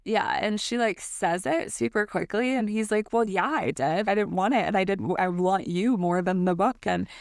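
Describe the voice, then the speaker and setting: A woman's voice: mid-range voice, moderate pace, hardly any pauses, no echo, clean studio sound. A woman co-hosting a book podcast, casually recapping the plot and acting out characters' lines with plenty of swearing. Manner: retells scenes with acted-out quotes, swears freely.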